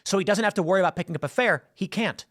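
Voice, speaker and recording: A man's voice: high-pitched, rapid-fire, a bit bright, no room sound, clean studio sound. A man hosting solo political commentary in a conversational storytelling way, acting out quoted people as he goes.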